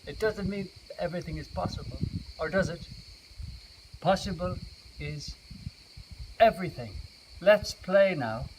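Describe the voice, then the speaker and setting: A man teaching yoga and meditation to children, guiding them gently and playfully. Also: sits high, normal speed. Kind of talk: guided kids' yoga and meditation. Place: outdoors. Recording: distant mic, outdoor noise.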